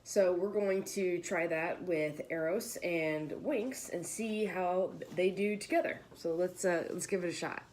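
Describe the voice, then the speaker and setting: Chatty woman dog trainer, slightly low voice. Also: a little slow, hardly any pauses, slight background noise. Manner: relaxed, chatty, with fillers. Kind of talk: casual instructional video.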